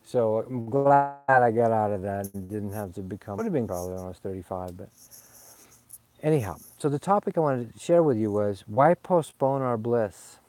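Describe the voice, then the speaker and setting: Mellow-voiced rambling Swedish-raised man. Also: fairly low pitch, expressive, moderate pace, soft background music. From Sweden. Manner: meandering, digressive, confessional. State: slightly tipsy. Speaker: spiritual vlogger. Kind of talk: rambling casual monologue. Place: outdoors in a garden under a fruit tree.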